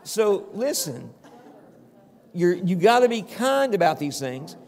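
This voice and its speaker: A man's voice: high voice, big pitch swings, slow, darkish tone. An older man preaching a conversational sermon as pastor, often checking in with the congregation and chuckling now and then. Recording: long reverb of a large hall.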